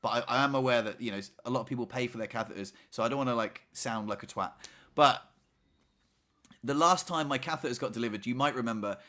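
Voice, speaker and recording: A man's voice: mid-range voice, fast, pushed and bright. Rambling man on a podcast. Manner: rambling, tags lines with "right?". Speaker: podcast co-host. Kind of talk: casual chat.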